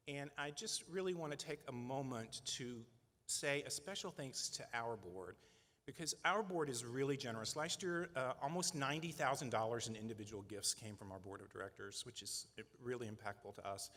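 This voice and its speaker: A man's voice: mid-range voice, expressive, a little fast, fairly bright tone. Middle-aged man speaking in a reverberant hall. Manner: conversational and earnest, with frequent "right?" tag questions. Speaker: nonprofit leader addressing donors. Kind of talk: speech at a fundraising breakfast. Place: large event hall.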